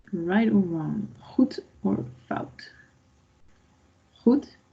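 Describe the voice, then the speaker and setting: A Dutch teacher runs an online language class, patient and unhurried, quizzing her students and explaining each answer. Her mid-range voice is gravelly and husky, with lively intonation. The audio sounds dull and lo-fi.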